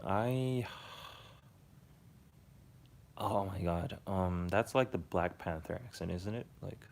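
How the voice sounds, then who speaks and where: A man chats to his live-stream audience in a slow, unhurried drawl. His low voice has a gravelly fry running through it. He rambles and hesitates, and drops the odd casual swear. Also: a little mellow. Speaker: live streamer reading chat.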